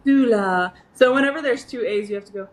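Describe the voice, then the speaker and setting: A young woman co-hosting a casual chat, animated and giggly, trying out made-up words aloud. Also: a little high, a little fast, low-quality recording. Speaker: co-host.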